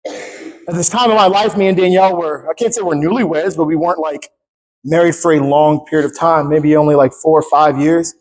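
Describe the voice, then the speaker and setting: A man in his thirties, a pastor preaching a sermon, who swings from quiet talk to shouting and acts out the dialogue in his stories. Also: on the high side, steady tone, a little fast, rough recording.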